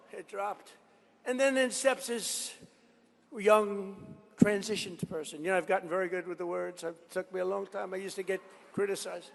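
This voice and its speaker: Guy rambling thru a rally speech, gravelly voice, big echoey hall. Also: high voice, fairly even intonation, normal speed. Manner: rambling storytelling with boastful asides; repetitive, emphatic phrasing. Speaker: politician addressing a rally. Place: large event venue. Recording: long hall reverb from a big venue.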